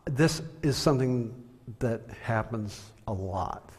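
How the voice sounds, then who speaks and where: A man preaching a sermon in a conversational, animated way, telling stories and acting out the quotes. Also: mid-range voice, slow pace, slightly rough. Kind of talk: sermon with storytelling. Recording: long hall reverb.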